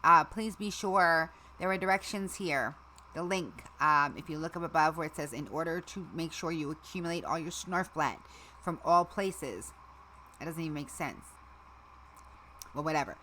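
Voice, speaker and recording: A middle-aged woman hosting a casual livestream, chatting to her viewers, her equipment and her dogs, her voice going hoarse. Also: low voice, normal speed, bright, forceful tone, a little hiss or hum. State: losing her voice. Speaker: livestream host.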